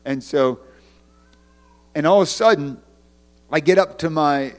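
A man with a slightly high voice gives a relaxed, chatty sermon as an evangelist. He talks the way he would tell a story, often stopping and starting again mid-sentence. His voice rings with a long reverb, as if he is speaking in a big hall. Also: a little slow. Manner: conversational storytelling, many restarts. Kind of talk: casual sermon.

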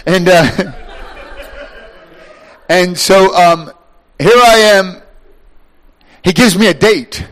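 A middle-aged man preaching a sermon, animated, shouting at times, acting out voices and laughing. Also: sits high, slow, long pauses.

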